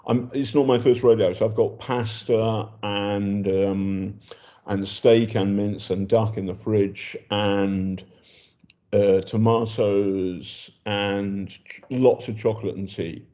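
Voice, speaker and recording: A man's voice: on the low side, fairly even intonation, slow pace, dark tone, highs cut off. An older British man, a journalist reporting from a war zone, talking in a chatty, hesitant way with many ums and restarts. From Britain. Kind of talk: casual spoken report.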